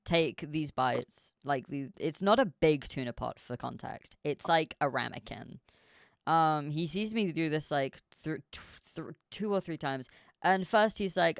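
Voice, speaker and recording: A young adult streamer tells a long story in a loose, rambling way, full of fillers and the odd swear. The voice is smooth and clear at a middle pitch. It sounds dry and close to the mic. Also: lively intonation, unhurried, no echo. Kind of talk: casual chat.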